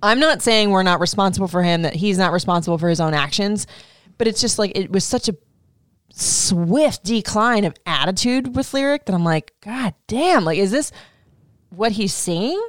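A middle-aged woman hosting a casual chat, telling a story with swearing and lively acted-out quotes. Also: mid-range voice, moderate pace, smooth, no echo, clean studio sound. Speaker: podcast host.

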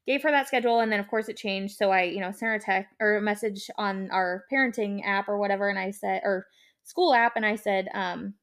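Chatty young woman with a gravelly edge. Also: medium pitch, fairly even intonation, a little fast, a bit bright. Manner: chatty and rambling, many "like" and "um" fillers. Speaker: podcast host. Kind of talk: casual solo podcast monologue.

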